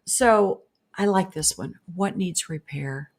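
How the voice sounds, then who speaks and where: An older woman co-hosting a marriage podcast, speaking earnestly and warmly, often speeding up into quick asides. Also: fairly low pitch. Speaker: co-host. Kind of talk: casual podcast chat.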